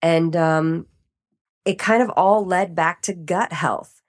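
A podcast guest in a casual interview chat, this woman is animated and laughs often while acting out her own reactions. Her voice is lowish and she speaks slowly.

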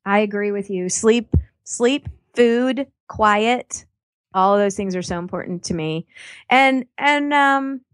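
A woman's voice: mid-range voice, takes it slowly, no echo, studio quality. A woman guest on a podcast, chatting casually in an encouraging, emphatic way. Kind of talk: casual interview chat.

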